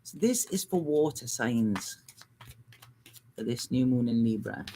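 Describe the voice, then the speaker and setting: Woman, spiritual reader, halting, rambling, improvised reading. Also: a bass voice, animated, dark tone, slight background noise. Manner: halting, rambling, restarts phrases. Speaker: astrology and intuitive reader.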